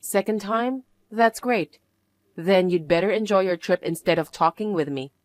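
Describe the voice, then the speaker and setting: A woman voicing a reserved young married woman who answers in a flat, curt, unimpressed way. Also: medium pitch, moderate pace, no echo, natural voice. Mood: annoyed. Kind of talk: dramatized story acting.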